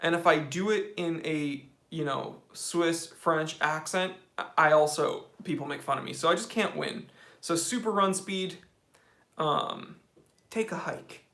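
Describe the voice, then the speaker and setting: An American man hosts a relaxed livestream, reading viewer comments aloud and answering them with easy enthusiasm. His voice is bright and a little higher than most men's. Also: a little slow. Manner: casual, enthusiastic, says dude a lot. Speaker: watch channel host.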